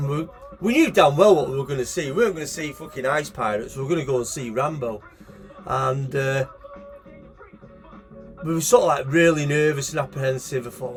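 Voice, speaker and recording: A middle-aged man with a Manchester accent, telling a childhood story in a casual, animated way, swearing freely and acting out the people in it. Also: on the high side, normal speed, faint music behind. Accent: Manchester English. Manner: swears freely, animated, acts out voices in the anecdote. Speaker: shop owner telling a story.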